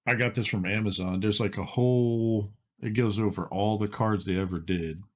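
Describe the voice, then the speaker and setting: A man's voice: fairly low pitch, fairly even intonation, moderate pace. A man hosting a podcast, chatting in a laid-back, rambling way with lots of "like" and "dude". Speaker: podcast host. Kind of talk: casual chat.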